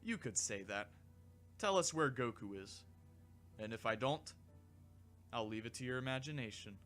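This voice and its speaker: A man's voice: medium pitch, expressive, normal speed, soft background music, lightly acted. A man voicing a cocky, hot-tempered young male android in a fan audiobook, raising his voice to snarl. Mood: smug. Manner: smug, then shouting and snarling.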